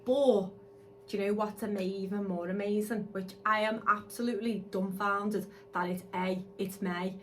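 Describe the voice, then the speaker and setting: A woman, co-hosting a podcast and telling stories excitedly in casual chat. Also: medium pitch, normal speed, slight background noise. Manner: excitable, animated storytelling. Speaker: podcast co-host, hair extensionist.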